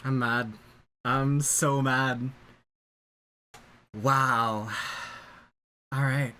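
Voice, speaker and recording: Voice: medium pitch, steady tone, very slow, bright, forceful tone. An anime reaction host who talks through the episodes in live commentary, blurting out dramatic, exclamatory reactions and plenty of swearing.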